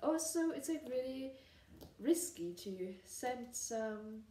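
A woman's voice: fairly high pitch, lively intonation, slow, dark tone. Giggly young woman in an echoey room. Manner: gushing, giggly, lots of fillers. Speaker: vlogger. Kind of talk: casual unboxing vlog. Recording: echoey room, mic at a distance.

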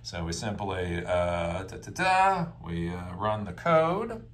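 Male host, loose conversational tech explainer, low voice with a wide swing. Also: sing-song, slow, a bit bright. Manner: conversational, loose, with frequent fillers and restarts. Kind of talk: casual tech demo explanation.

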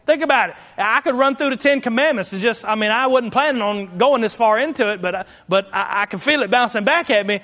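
A man's voice: extremely high pitch, a little fast, hardly any pauses, bright, forceful tone, in a large hall. A man preaching a sermon in a folksy, emphatic way, driving his points home by repeating them. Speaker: pastor.

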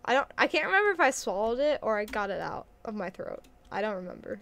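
A woman's voice: a little high, big pitch swings, fast talker, vocal fry, fairly bright tone. Chatty young woman streamer. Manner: chatty, rambling, many "like" fillers, laughs often. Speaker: game streamer. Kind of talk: casual live-stream chat.

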